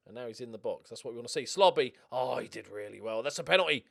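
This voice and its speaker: A man giving casual gaming commentary as a streamer, getting excited and swearing as he cheers on his team. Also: on the low side, rapid-fire, creaky, breathy edge. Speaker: game streamer.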